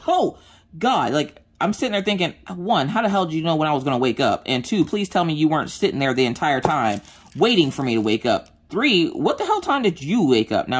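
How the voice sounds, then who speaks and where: Animated woman telling a story. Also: low voice, husky. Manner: animated storyteller acting out quotes, mild swearing. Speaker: craft vlogger. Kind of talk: casual storytelling chat.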